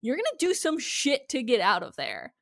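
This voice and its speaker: High-voiced woman, blunt casual podcast talk. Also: wildly swooping pitch, normal speed, creaky, a bit bright. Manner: blunt, profane, emphatic. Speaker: podcast co-host. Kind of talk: casual chat recapping a TV show.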